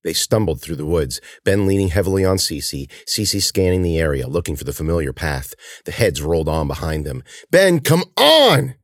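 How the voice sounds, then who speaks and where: Deep-voiced man reading a dramatic story. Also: fairly quick, hardly any pauses, no room sound, clean studio sound. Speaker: narrator. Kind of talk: audiobook reading of a horror story.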